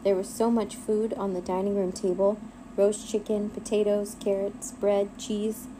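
A woman reading a children's chapter book aloud in clear, even storytelling. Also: medium pitch, measured pace, noisy background. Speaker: read-aloud narrator.

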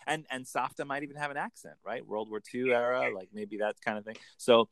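A man, a coach explaining in an enthusiastic conversational interview with quick acted examples. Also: mid-range voice. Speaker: accent coach.

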